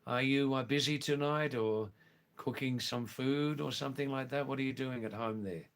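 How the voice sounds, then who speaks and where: An older man, hosting a live stream and chatting with viewers in a relaxed, unhurried way. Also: mid-range voice. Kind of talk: casual live-stream chat reading viewer comments.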